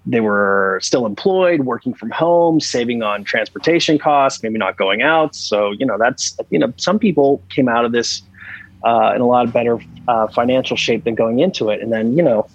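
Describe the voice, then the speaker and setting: Man, podcast guest, husky voice, dry close sound, animated rambling storyteller. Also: mid-range voice, no echo, lo-fi sound. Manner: animated storyteller with many fillers. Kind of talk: casual podcast interview.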